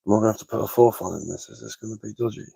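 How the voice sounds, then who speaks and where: Laid-back low-voiced man. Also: fairly even intonation, racing, creaky, warm tone, husky, no room sound, rough recording. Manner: laid-back, answers chat messages aloud. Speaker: bushcraft live-streamer. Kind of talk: casual live-stream chat while crafting.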